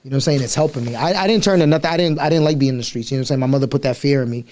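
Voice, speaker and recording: A man's voice: medium pitch, racing. A young man from Liberia, a podcast guest, telling his life story in casual chat and acting out the people in it. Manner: animated, acts out voices in his stories.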